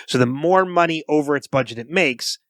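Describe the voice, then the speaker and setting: A man's voice: a little high, brisk, dry recording, clean studio sound. A man co-hosting a casual film review podcast, patiently explaining things for the listeners. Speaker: podcast co-host.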